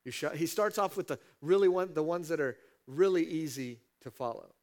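A man preaching a sermon as pastor, animated and building to emphatic peaks, dramatizing scripture with voiced asides. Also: a little high, moderate pace.

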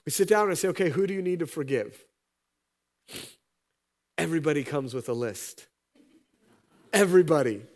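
A pastor giving a sermon, telling a parable and voicing its characters with sudden high-pitched lines. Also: male voice, moderate pace, pauses often. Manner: animated, acts out parable characters with pitch jumps.

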